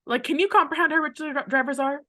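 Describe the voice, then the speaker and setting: A woman's voice: high voice, quick pace, sharp tone. A young woman from Canada co-hosting a podcast in casual, rambling chat, leaning hard on "like". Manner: rambling, chatty, heavy use of "like". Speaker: podcast co-host.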